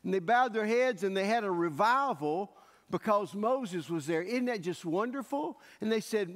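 A male pastor preaching a sermon in a church sanctuary, telling the story in an animated way and acting out the scenes. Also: high voice, moderate pace. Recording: echoey church hall.

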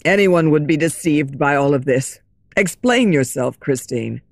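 A woman's voice: low-pitched, lively intonation, unhurried, no room sound, pitched below the performer's own voice, heavily acted. Woman voicing a bitter jealous young man. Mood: pleading. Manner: pleading, accusing.

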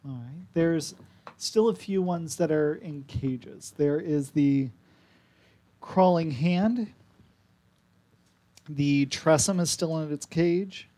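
A man's voice: on the high side, slow pace, pauses often, mellow. A man running a tabletop game as game master, describing scenes matter-of-factly. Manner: descriptive, matter-of-fact narration.

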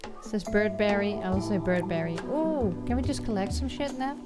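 A woman's voice: mid-range voice, expressive, moderate pace. A woman with a Dutch accent giving casual let's play commentary, chatty and giggly, who reads the game's dialogue aloud. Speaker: gameplay streamer. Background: game music.

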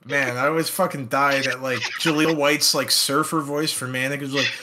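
A man's voice: medium pitch, steady tone, noisy background. A young man co-hosting a casual podcast, joking and swearing, often laughing and slipping into silly voices. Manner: laughing, profane, jokey, puts on quick silly voices. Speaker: podcast co-host.

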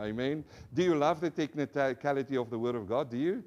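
A man's voice: mid-range voice, fairly quick, hardly any pauses, darkish tone, dull audio. A male pastor giving a sermon to a congregation, leading call-and-response and explaining word meanings step by step with rhetorical questions. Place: church service before a congregation.

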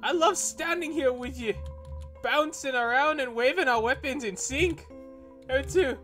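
A gamer voicing an earnest, sentimental armored royal guard who talks in a gushing, halting way. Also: sits high, fairly bright tone, soft background music, voice pushed up.

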